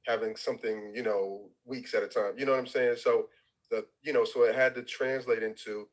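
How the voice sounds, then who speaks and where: A man's voice: medium pitch, steady tone, brisk, rough recording. Laid-back man with slangy, filler-heavy talk. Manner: laid-back, slangy, many "you know what I'm saying" fillers. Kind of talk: casual chat.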